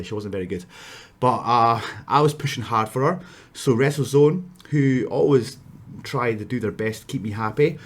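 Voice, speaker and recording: A man with a Scottish accent casually telling a wrestling story, rambling with asides and restarts. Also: mid-range voice.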